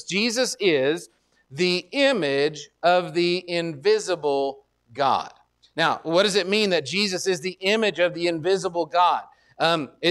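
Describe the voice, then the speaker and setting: High-voiced preacher man. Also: a bit bright. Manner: conversational, stammering restarts, slows for scripture. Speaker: pastor. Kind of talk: sermon.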